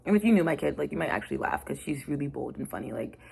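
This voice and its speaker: A woman's voice: low voice, expressive, racing, creaky, darkish tone, slight background noise. A woman host talking in a casual, frank and rambling way, full of slang, about being a mother. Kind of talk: casual chat.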